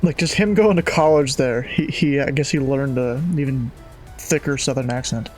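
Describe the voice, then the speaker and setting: A man's voice: mid-range voice, normal speed, darkish tone, faint music behind. A male streamer in easygoing casual chat, slipping into pilot radio calls. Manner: laid-back, slangy, chatty. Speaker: streamer flying online as pilot.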